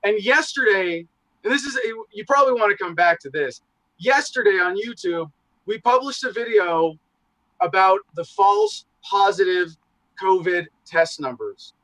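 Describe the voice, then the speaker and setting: A man in casual podcast conversation, talking in animated, profane, rambling asides. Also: sits high, a little slow, dry recording, rough recording. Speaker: podcast guest, show host.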